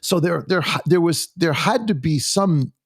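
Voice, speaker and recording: A man leading a conversational Bible study in a church, halting and full of restarts as he reads scripture aloud. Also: a little high, lively intonation, slightly rough, dry recording, studio quality. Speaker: Bible teacher.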